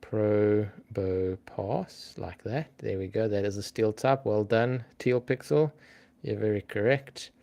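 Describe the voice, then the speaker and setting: A man's voice: lowish voice, normal speed, creaky, few pauses, a little mellow. A man hosting a live-stream trivia game in a casual, chatty way, thinking aloud and greeting viewers by name.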